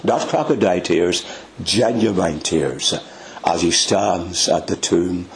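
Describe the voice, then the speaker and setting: A man delivers a sermon at an unhurried, deliberate pace. His voice sits on the low side, and his emphatic delivery leaps upward for stressed words. A faint hum of ambience lies under the recording. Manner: dramatic, slow and emphatic with sudden rises in pitch. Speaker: preacher.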